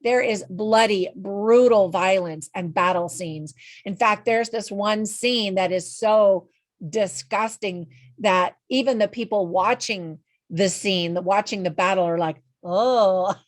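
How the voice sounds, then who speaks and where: A woman's voice: mid-range voice, measured pace, no room sound. Chatty woman reviewing a movie, dry sound. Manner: chatty, frank, laughs at her own asides. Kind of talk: casual spoken movie review.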